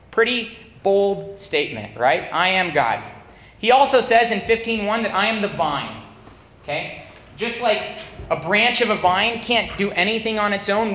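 A man preaching a sermon, energetic and often asking his listeners "right?". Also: sits high. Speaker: campus minister preaching. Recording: echoey room, slightly dull sound.

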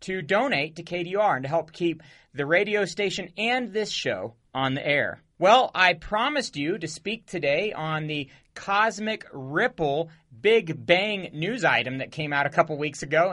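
A male radio host greets and thanks his guest with eager enthusiasm. His voice is bright and forceful, pitched a bit high for a man, and he leans into his words with keen energy. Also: expressive, moderate pace. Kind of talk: radio interview hosting.

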